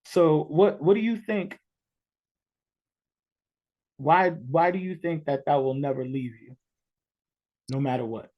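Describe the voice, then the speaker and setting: A man from New York hosting a podcast, chatting casually and telling stories in an animated, excitable way. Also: fairly high pitch, slow pace, pauses often, lo-fi sound. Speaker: podcast host. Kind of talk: casual interview chat.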